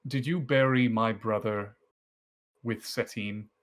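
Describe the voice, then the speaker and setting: A man narrating a tabletop game as dungeon master in a relaxed, conversational way. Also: medium pitch, slow.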